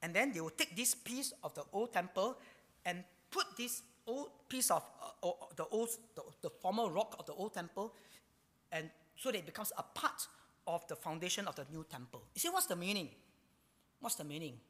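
A man preaching a sermon in a church hall. He talks in an animated way and ends many phrases with a drawn-out "ah". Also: sits high. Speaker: pastor. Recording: long reverb of a hall.

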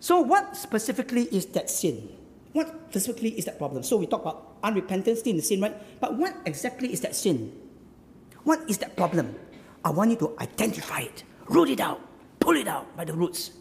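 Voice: mid-range voice, wildly swooping pitch, brisk, darkish tone, long reverb tail, a little hiss or hum. A preacher giving a sermon, emphatic and full of repeated rhetorical questions, tagging points with "huh?". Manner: repeats phrases and tags lines with "huh?".

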